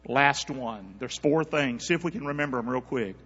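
A man's voice: medium pitch, animated, moderate pace, a bit bright, slightly rough. A male pastor preaching a sermon in a folksy, conversational way, calling out to his church for responses. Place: church sanctuary. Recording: dull audio in a reverberant hall.

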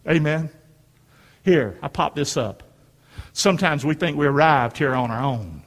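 This is a middle-aged man, a pastor, preaching emphatically and prompting his congregation to answer him. He speaks on the high side, very animated yet unhurried. The church sanctuary gives the recording a long hall reverb.

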